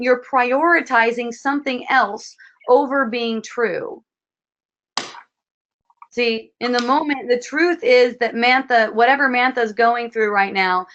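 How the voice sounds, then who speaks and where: Brief: woman spiritual teacher, gentle and repetitive delivery, slightly high voice, dull lo-fi call sound. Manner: soft, repetitive, frequently asks "see?". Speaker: spiritual teacher hosting a dialogue. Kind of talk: gentle spiritual guidance talk. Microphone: video call.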